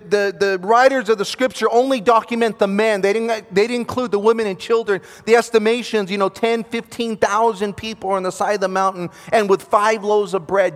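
A man's voice: high-pitched, long reverb tail. A man preaching a sermon at a conference, reading scripture and talking in a conversational way, often repeating words and restarting his sentences. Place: conference hall.

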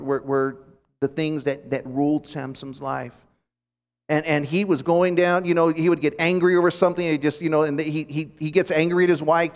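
A man teaching scripture at a conference, retelling a story with lively restarts and repeated words. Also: fairly high pitch. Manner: animated storytelling with frequent restarts. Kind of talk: sermon. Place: conference hall. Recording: long hall reverb.

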